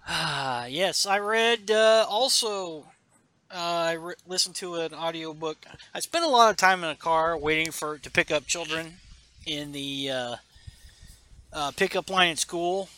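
A man hosting a casual chat, animated and full of filler words and sound effects. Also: a little high, measured pace. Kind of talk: casual chat, reading a comic aloud.

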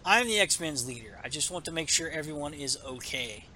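A man's voice: fairly high pitch, animated, normal speed, sharp tone, slight background noise, poor audio. A man reading the lines of an earnest female mutant team leader in his own plain voice.

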